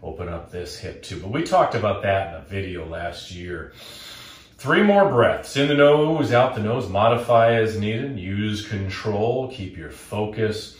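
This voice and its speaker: A man's voice: fairly low pitch, animated, a little slow, echoey room. Playful man leading a yoga class. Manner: playful, cues breathing and poses. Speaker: yoga instructor. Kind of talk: guided yoga class with jokey asides. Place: indoor room before a green screen.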